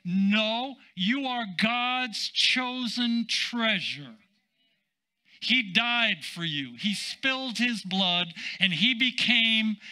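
An older man, a senior pastor, preaching a sermon in an emphatic, drawn-out way with casual asides. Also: sits high, sharp tone, rough recording.

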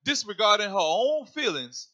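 A man's voice: high voice, sing-song, normal speed, bright, forceful tone, dull audio. A man co-hosting a religious radio talk show, lecturing and reading from a book with frequent fillers. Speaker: co-host.

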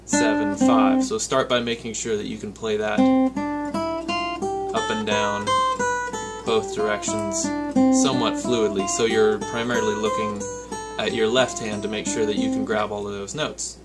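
A man with a fairly low voice walks through a guitar exercise, calling out each down and up stroke as he plays. He explains patiently, step by step, with the odd um. His own guitar rings out loudly under his speech. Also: flat delivery, moderate pace. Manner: counts picking strokes aloud while playing. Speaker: guitar teacher. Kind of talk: instructional guitar lesson. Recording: loud guitar playing behind the voice. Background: his own guitar playing.

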